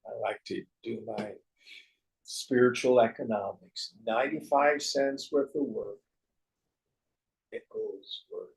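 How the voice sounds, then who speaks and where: Gravelly male spiritual teacher, slow and wry, tells stories to a class. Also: mid-range voice, rough recording. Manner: storytelling, wry and joking.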